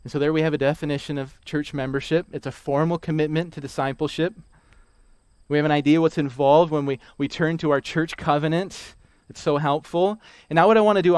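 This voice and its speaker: A man preaching a sermon, emphatic, repeating key lines slowly for weight. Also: fairly high pitch, clean tone, dry recording, studio quality. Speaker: pastor.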